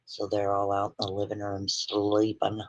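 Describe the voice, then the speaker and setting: A woman's voice: very deep voice, completely flat delivery, moderate pace, a little mellow, dry recording. A woman hosting a livestream at home, telling stories in a blunt, profane, chatty way. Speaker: livestream host. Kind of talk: casual livestream storytelling. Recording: dull dry lo-fi livestream audio.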